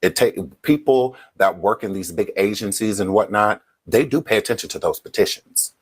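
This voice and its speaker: A man's voice: lowish voice, normal speed, husky. A man hosting a casual livestream, speaking straight to his viewers and often checking in with "okay?". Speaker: livestream host.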